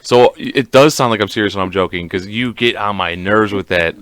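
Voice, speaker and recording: A young man hosting a podcast in casual chat, animated and swearing freely as he acts out quotes. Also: on the low side, a little fast, no room sound. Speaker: podcast host.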